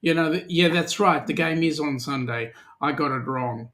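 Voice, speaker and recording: A middle-aged Australian man co-hosts a weekly cruising chat on a relaxed live stream, reading out comments, greeting viewers by name and teasing them good-naturedly. His voice sits a little higher than most men's, and he talks at a moderate pace in a loose, chatty way, full of ums and uhs.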